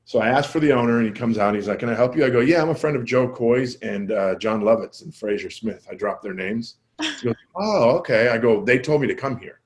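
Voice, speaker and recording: A male comedian telling a story as a podcast guest, casual and self-deprecating, acting out quoted dialogue with his voice jumping up and down. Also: fast. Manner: animated, acts out quoted dialogue with jumps in pitch.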